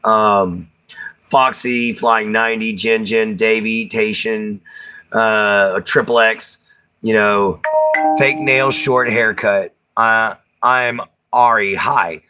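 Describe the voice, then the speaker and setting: A man's voice: lowish voice, steady tone, takes it slowly, bright, forceful tone, slight background noise. A man with a Texan accent hosting a livestream, chatting casually with viewers, laughing often and using Southern slang. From Texas. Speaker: livestream host. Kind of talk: casual chat reading viewer comments.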